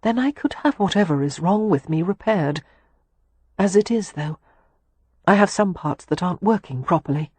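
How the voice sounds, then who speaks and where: A man's voice: sits high, lively intonation, normal speed, a little mellow, slightly rough, dry recording. A man voicing a reserved, guarded young woman in an audiobook romance, answering hesitantly. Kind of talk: audiobook character dialogue.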